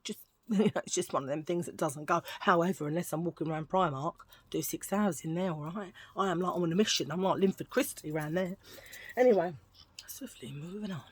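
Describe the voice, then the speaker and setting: Husky, chatty woman. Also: on the low side, brisk. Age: middle-aged. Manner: chatty, rambling, jokey, talking straight to viewers. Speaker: vlogger. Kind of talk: casual haul vlog chat.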